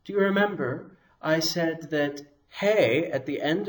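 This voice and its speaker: A man teaching a language lesson, explaining each sound patiently and pronouncing examples slowly and carefully. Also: a little high.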